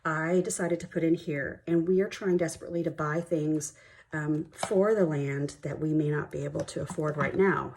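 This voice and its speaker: A young woman talks through her cash savings, chatty and excitable as she counts bills aloud. Her voice sits low and mellow. A faint hiss sits under the recording. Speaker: budgeting vlogger. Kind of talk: casual chat while counting cash.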